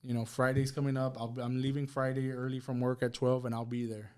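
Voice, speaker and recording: A man telling a personal testimony on a podcast, halting and repeating words as he recounts what happened. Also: mid-range voice, little pitch movement, a little mellow, clear, resonant tone. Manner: halting, repeats words, quotes others in plain voice. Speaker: guest sharing a personal testimony. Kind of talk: emotional personal storytelling. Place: podcast studio.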